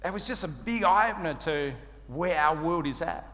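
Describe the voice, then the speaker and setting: A man's voice: on the high side, moderate pace. A man with an Australian accent preaching a sermon in church, telling stories with humor and poking fun at himself. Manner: humorous, self-deprecating, animated storytelling. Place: church hall. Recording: church hall reverb.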